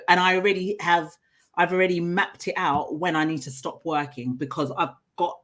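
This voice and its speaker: A middle-aged woman, a coach and trainer, telling personal stories in an interview in an earnest, animated way. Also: low voice. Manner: earnest, animated storytelling with laughs.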